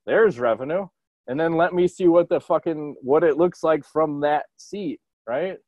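A man hosting a casual podcast over a video call, talking in an excitable, profane and jokey way. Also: on the high side, measured pace, dry recording, lo-fi sound. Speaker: podcast host.

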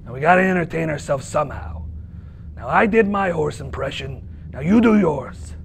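An actor playing a crude, brash, teasing spaceship pilot in a comedy sketch. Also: male voice, fairly high pitch, expressive, normal speed, creaky, background noise.

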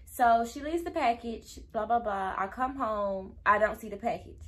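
A woman's voice: fairly high pitch, moderate pace, a bit bright. A young woman telling a casual storytime to her viewers, chatty and easily sidetracked, acting out quoted dialogue. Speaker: vlogger.

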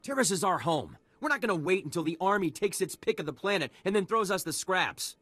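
A man's voice: high-pitched, lively intonation, brisk, a bit bright, dry recording, faint music behind. An actor voicing a stubborn, insistent male settler claiming his home in a video game. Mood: indignant.

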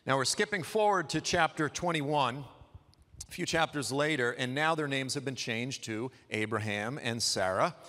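The recording carries long reverb from a church hall, where a man preaches as a guest. His voice is medium-pitched, pushed and bright, at a normal speed, and he relays the story in a humorous, conversational manner.

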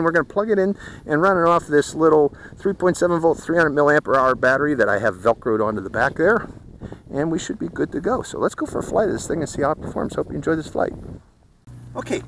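A man's voice: a little high, a bit bright, slight background noise, low-quality recording. Folksy man narrating a drone flight. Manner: chatty, folksy, addresses viewers as folks. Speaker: RC hobby video host. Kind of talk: casual flight-test commentary. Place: outdoors at a flying field.

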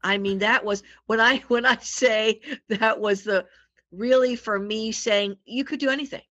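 Brief: older mother, proud and fond, slightly high voice, muffled video call audio. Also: steady tone, a little slow, fairly bright tone. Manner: proud, fond, laughs while talking. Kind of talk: casual family video call.

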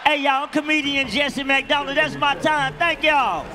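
A man doing a stand-up comedy set at a show venue, telling stories loudly and punchily and calling out to the crowd on a handheld mic. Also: extremely high pitch, steady tone, measured pace. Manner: loud, punchy storytelling with crowd call-outs. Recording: reverberant venue sound.

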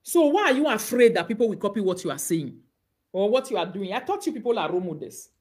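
A woman's voice: medium pitch, lively intonation, quick pace, darkish tone. A woman with a Nigerian accent ranting on a live video, mocking and scolding her targets. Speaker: online commentator.

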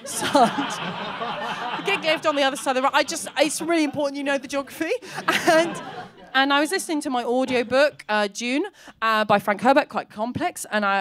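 A woman in her thirties doing a bawdy stand-up comedy set on a club stage, acting out characters and breaking into shouts. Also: medium pitch. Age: 30s.

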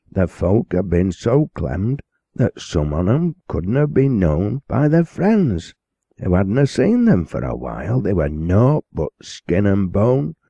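Man doing old lancashire shopwoman, blunt and scolding, raised pitch, dry close sound. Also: mellow, husky, no room sound, full character voice. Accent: Lancashire dialect. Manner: scolding, homely dialect.

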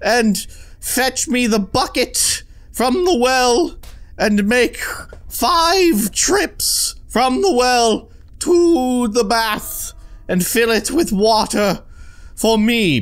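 A haughty, wealthy old granny commands her butler in a piercing, slow falsetto that swoops high and wide. A man acts her out as a put-on game voice. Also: expressive. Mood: bossy. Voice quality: shrill falsetto, drawn-out words. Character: pompous rich old granny, bossy and shrill. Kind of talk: gameplay commentary with put-on voices.

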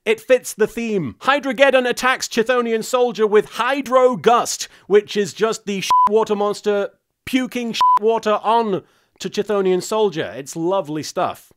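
Man, comedic recap host, high voice, sarcastic, mocking. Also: measured pace, fairly bright tone, a little hiss or hum. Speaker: host, reviewer.

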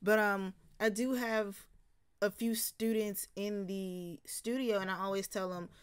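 A woman's voice: mid-range voice, steady tone, measured pace, clear, resonant tone. A tired woman vocal coach talks loosely through a reaction video. She yawns between thoughts and fills her sentences with casual fillers and restarts, chatting more than lecturing. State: tired and yawning.

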